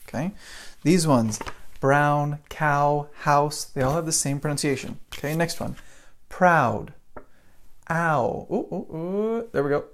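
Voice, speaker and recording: An American man teaches English vowels on a live stream. He talks in a loose, chatty way, repeats words and sounds, and breaks off to greet viewers by name. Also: on the high side. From United States. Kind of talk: live-streamed pronunciation lesson.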